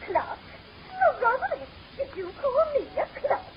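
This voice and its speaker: A gushing society matron. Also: female voice, extremely high pitch, wildly swooping pitch, unhurried, dull audio, heavily acted. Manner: breathless, gushing, fluttery. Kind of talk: 1930s radio comedy acting. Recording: scratchy, very hissy 1930s radio recording.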